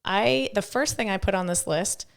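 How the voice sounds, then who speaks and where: Hoarse woman co-hosting a podcast. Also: medium pitch, normal speed. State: hoarse, recovering from lost voice. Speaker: podcast co-host. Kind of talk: casual podcast chat.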